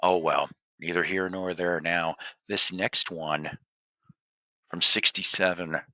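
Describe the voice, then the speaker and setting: Deep-voiced guy hosting a record show, chatty and rambly, super bright tone. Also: level tone, slow pace, dry recording. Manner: rambling, restarts phrases. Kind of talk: casual chat between songs.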